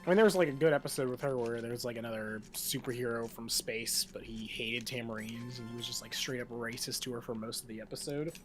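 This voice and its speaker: A man's voice: medium pitch, fairly even intonation, fast, few pauses, music in the background. A man streaming a game, chatting loosely with friends, swearing freely and jumping between tangents. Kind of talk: casual chat during a game stream.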